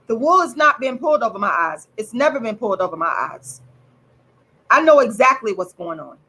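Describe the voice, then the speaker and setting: A woman angrily ranting straight to camera as host of her own channel, swearing and repeating herself with drawn-out, emphatic words. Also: a little high, very animated, bright, forceful tone, husky, rough recording. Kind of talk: angry direct-to-camera rant.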